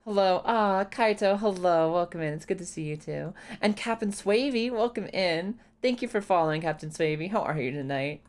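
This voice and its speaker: A young woman streaming a game, chatting casually, excitable, swearing often and breaking into squealing laughs. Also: on the low side, moderate pace, hardly any pauses. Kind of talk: casual live-stream chat while playing a game.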